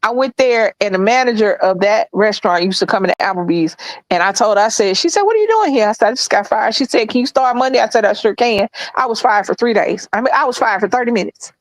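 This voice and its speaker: A woman co-hosting a podcast, telling a work story in a blunt, profane, animated way. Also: mid-range voice, fast talker, no room sound, low-quality recording. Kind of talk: casual storytelling chat.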